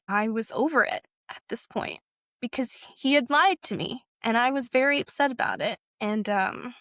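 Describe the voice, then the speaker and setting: A woman's voice: fairly high pitch, a bit bright, no room sound, studio quality. A young woman telling a candid personal story, reflective and full of casual fillers. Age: young adult. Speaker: interview guest.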